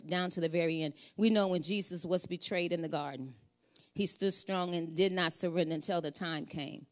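A middle-aged woman preaching a sermon, reading scripture and building to fervent calls for the congregation to repeat after her. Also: lowish voice.

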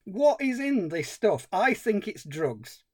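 A man's voice: high voice, sing-song, slow pace, a little mellow, husky. A man co-hosting a film podcast, ranting in exasperated, sweary casual chat. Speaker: podcast co-host.

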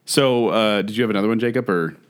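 A man's voice: on the low side, fast, smooth. A man co-hosting a podcast in casual chat, often chiming in and teasing the others. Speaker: podcast co-host.

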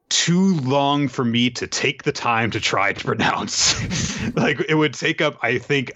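A very deep-voiced man talks through an anime episode in loose podcast chat, stumbling through fillers and restarts. His tone stays bright and forceful despite the low pitch, and the recording sounds a little dull and muffled. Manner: rambling, many fillers and restarts. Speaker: podcast host recapping an anime. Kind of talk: casual recap chat.

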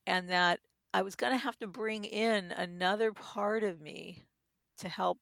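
A middle-aged woman explaining with gentle personal examples in an interview. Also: medium pitch, measured pace, vocal fry, dry recording, studio quality. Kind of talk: reflective interview talk.

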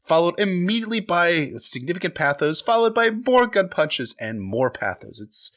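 A man's voice: high voice, sing-song, normal speed, a bit bright. A man hosting a podcast, recapping a book chapter in a casual, profane, enthusiastic way. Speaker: podcast host.

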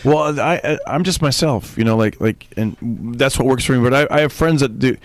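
Man, comedian, quick storyteller, gravelly, dry close sound. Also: mid-range voice, dry recording. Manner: rapid, animated storytelling with voices. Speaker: stand-up comedian. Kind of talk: casual podcast chat.

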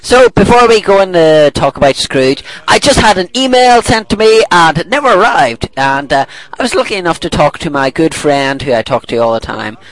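A man's voice: fairly high pitch, sing-song, normal speed, few pauses, a bit bright, no room sound, rough recording. A middle-aged man hosting a podcast in casual chat, reading a listener's email aloud and laughing often as he rambles and corrects himself. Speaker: podcast host.

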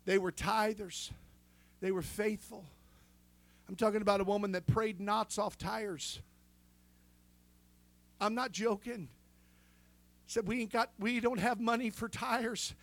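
High, bright-voiced preaching man. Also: fairly even intonation, measured pace, creaky, pauses often. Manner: fervent preaching with restarts and calls of amen. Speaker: pastor. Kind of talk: sermon.

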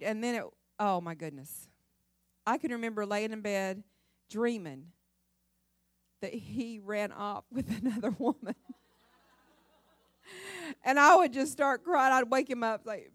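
A woman's voice: a little high, normal speed, fairly bright tone, no room sound. A middle-aged woman giving a humorous testimony sermon, acting out her own cries and often laughing. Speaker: pastor's wife and speaker.

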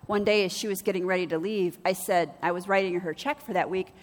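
Speaking fast in a fairly low voice, a woman pastor tells stories during her sermon and plays both parts of each conversation with lively changes. A long reverb tail trails her words.

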